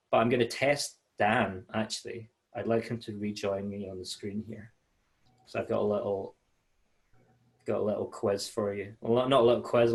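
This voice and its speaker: A man giving a casual webinar presentation over a video call, friendly and chatty with many fillers and restarts. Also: on the low side. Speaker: malt sales manager giving a webinar.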